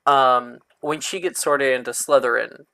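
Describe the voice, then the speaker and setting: Slow-talking man running a tabletop game. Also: mid-range voice, steady tone, vocal fry, bright, forceful tone. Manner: unhurried, drawn-out narration with frequent fillers. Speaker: game master.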